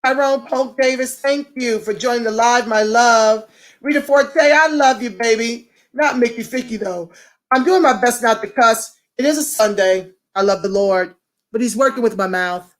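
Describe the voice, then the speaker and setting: A woman's voice: a little high, normal speed. Fiery woman hosting a livestream. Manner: talks straight to viewers, greets commenters warmly by name. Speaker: livestream host. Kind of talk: casual livestream chat.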